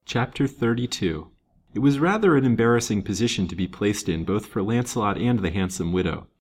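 Man, fairly low voice, audiobook reading, old novel, lifts voice for characters' lines. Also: lively intonation, brisk, darkish tone, husky. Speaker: reader.

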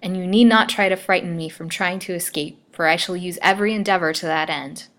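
A woman's voice: on the low side, brisk, fairly bright tone, natural voice. A woman voicing a frightened young girl held captive, timid at first but dauntless. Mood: defiant. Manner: frightened, pleading.

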